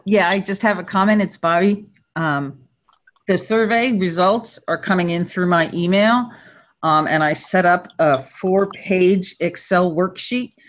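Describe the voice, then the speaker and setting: A man making a quick comment in an online meeting, with many fillers and restarts, over a video call. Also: sits high, fairly bright tone. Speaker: meeting participant.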